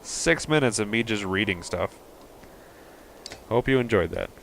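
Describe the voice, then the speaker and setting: Deep gravelly man reading a game aloud. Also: expressive, measured pace, a bit bright, slight background noise. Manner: reads game text aloud with offhand asides. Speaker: let's play host. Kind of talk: gameplay commentary reading dialogue aloud.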